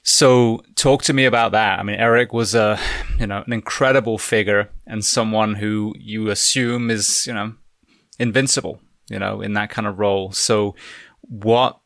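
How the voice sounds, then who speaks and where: A man hosting a podcast who asks questions in a measured way and searches for his words. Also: on the low side, steady tone, fairly bright tone, no room sound, clean studio sound. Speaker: podcast host. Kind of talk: interview questions.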